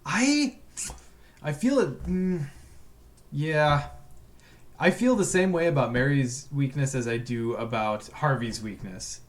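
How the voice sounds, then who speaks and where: Man, laid-back podcast co-host, thoughtful, quick to laugh. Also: mid-range voice, lively intonation. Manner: easygoing, reflective, laughs easily. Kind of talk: casual game-play chat.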